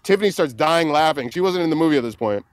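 A man being interviewed, telling a story with laughs and acting out the people he quotes in loud voices. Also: fairly high pitch, lively intonation, quick pace, no room sound. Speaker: guest, comedian and prank filmmaker. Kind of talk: animated anecdote telling.

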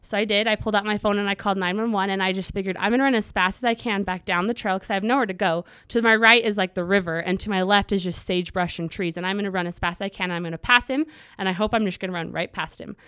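A woman's voice: mid-range voice, steady tone, fast talker, fairly bright tone, smooth, no room sound. Woman telling a vivid personal story. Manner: vivid storytelling that acts out her own quoted thoughts; earnest with flashes of humor. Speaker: podcast guest. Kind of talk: personal story told in an interview.

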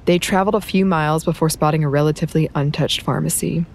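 A woman narrating a novel in a measured, even storytelling manner. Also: deep voice, creaky, slight background noise. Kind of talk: audiobook narration.

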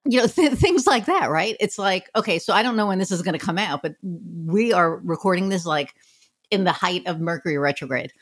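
A woman's voice: lowish voice, animated, brisk, slightly rough. A woman who runs a marketing business, chatting casually and candidly, swearing freely and acting out what people said. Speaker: podcast guest, marketing business owner. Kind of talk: casual chat.

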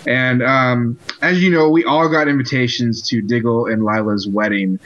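A man hosting a casual chat podcast, halting and filled with pauses as he talks. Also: medium pitch, fairly even intonation, fairly bright tone, highs cut off. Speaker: podcast host. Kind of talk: casual chat about TV episodes.

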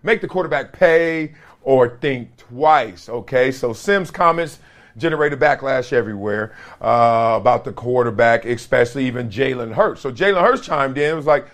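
A man's voice: medium pitch, moderate pace. A young adult man hosting a podcast in casual, slangy sports talk, laughing between jokes. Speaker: podcast host.

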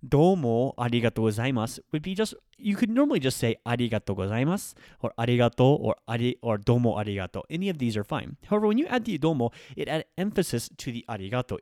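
A man hosting a casual online language lesson, explaining in a relaxed way with frequent ums and likes. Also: medium pitch, no room sound, clean studio sound. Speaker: language teacher.

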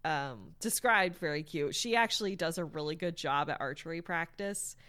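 A woman's voice: sits low, moderate pace, fairly bright tone. A woman casually retelling a story's plot to a friend, rambling with many fillers and the odd swear word. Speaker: storyteller recapping a book. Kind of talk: casual chat.

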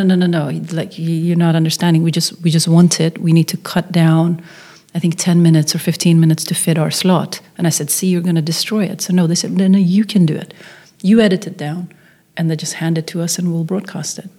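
A middle-aged woman from Norway, a filmmaker guest, telling a story in an interview and acting out the people she quotes. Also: fairly low pitch. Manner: animated storyteller, acts out quoted voices.

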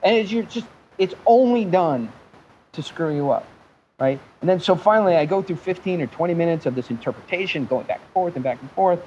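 Animated, joking man telling a story. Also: sits high, a little fast, muffled recording, a little hiss or hum. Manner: animated, joking, profane, jumps between mimicked accents. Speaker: guest. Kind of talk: animated storytelling in a podcast interview.

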